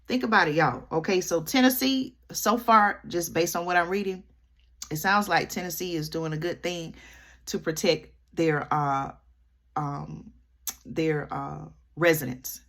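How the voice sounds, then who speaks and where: A woman with a low-pitched voice talks straight to her viewers in a chatty commentary. She keeps checking in with them as she goes. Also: measured pace, a bit bright. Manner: chatty, keeps addressing viewers with "y'all" and "okay?". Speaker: vlogger. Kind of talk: commentary to camera.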